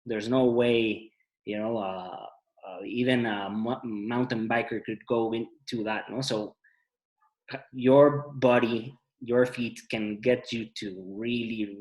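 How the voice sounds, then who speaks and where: A man's voice: lowish voice, poor audio. Panel guest, man, loose rambling delivery, many restarts. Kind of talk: casual panel talk.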